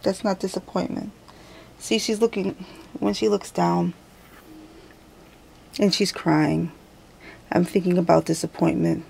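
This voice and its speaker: Woman host doing a casual card reading; slow and gravelly, talks it through out loud and corrects herself. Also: fairly low pitch, fairly even intonation, a little hiss or hum. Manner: chatty, thinks aloud, self-correcting. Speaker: tarot reader. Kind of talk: casual tarot reading to camera.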